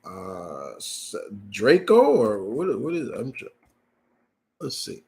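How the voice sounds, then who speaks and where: A man's voice: on the low side, huge pitch swings, slow, vocal fry, a little mellow. A man hosting a live question-and-answer stream, ranting in a profane, heated way, repeating himself for emphasis and reading viewer questions aloud. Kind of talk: unscripted live-stream rant.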